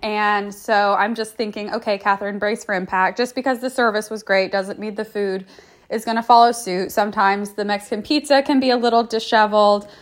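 A woman's voice: mid-range voice, fairly even intonation, fairly quick. A woman chatting casually in a rambling way, with many fillers and restarts, telling a food review story. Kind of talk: casual chat.

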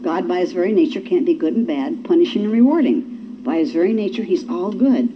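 A woman shares her personal testimony at a recovery meeting, telling her story in a folksy way and acting out the quotes. Her voice is lowish with lively intonation, and she talks fairly quickly. The recording is dull and lo-fi, with a little hiss or hum.

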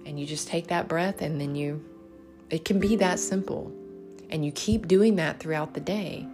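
A woman's voice: deep voice, moderate pace, music in the background. A woman life coach and podcast host giving an earnest, encouraging faith-based motivational talk to her listeners.

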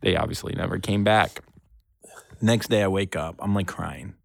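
A man's voice: deep voice, moderate pace, gravelly, dry recording, studio quality. A man co-hosting a podcast, casually telling a long story and laughing often as he rambles. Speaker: podcast co-host.

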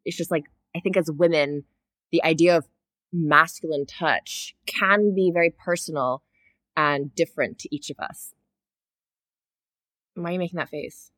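A woman co-hosting a podcast, telling a story in casual chat, animated, swearing freely and acting out her own reactions. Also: deep voice, normal speed, pauses often, dry recording, studio quality. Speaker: podcast co-host.

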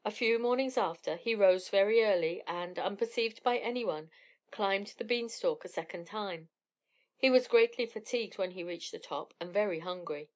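A woman narrating a classic fairy tale in a measured, even storytelling manner. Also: mid-range voice.

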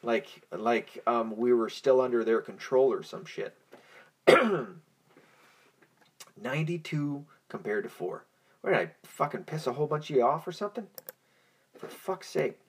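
Profane rambling stoned man, husky. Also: medium pitch, lively intonation, a little slow, long pauses. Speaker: podcast host. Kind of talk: casual rambling monologue.

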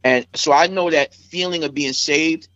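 Over soft background music, a rapper guest from Staten Island, New York, speaks at normal speed in a high-leaning, fairly bright voice, telling an emotional story loosely and ramblingly with fillers like "you know what I'm saying." The podcast audio is dull and dry, with no room sound.

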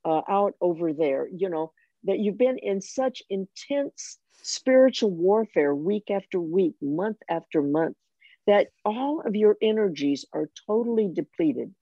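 An older woman telling a personal faith story in conversation, animated and self-mocking, with frequent restarts. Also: mid-range voice, measured pace, dry recording, lo-fi sound. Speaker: guest sharing her testimony.

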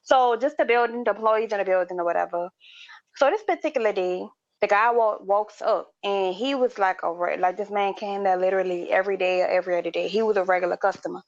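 A woman with a mid-range voice talks fast as a podcast co-host, spinning a story in loose, slangy casual chat and acting out the people in it. The recording is dry and slightly dull.

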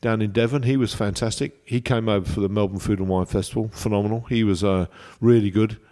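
Low-voiced man telling stories. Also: fast talker. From England. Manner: rambling, anecdotal, animated storytelling. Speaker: chef. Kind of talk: casual chat.

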